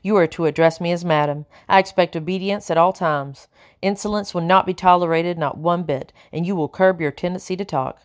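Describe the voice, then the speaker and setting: A woman's voice: on the low side, a little fast, close to an everyday voice. A woman voicing a haughty colonial mistress who speaks in a cold, commanding, clipped way.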